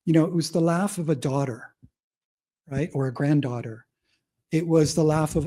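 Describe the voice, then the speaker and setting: A man speaking to a live audience at a public lecture, with a somewhat husky tone. He tells stories in a loose, conversational manner, peppered with casual fillers. He keeps turning to the audience with questions. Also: on the high side, moderate pace, long pauses, mellow. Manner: conversational, heavy use of fillers like "like" and "you know"; vivid storyteller, audience-engaging. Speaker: academic speaker. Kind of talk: public lecture with personal anecdotes.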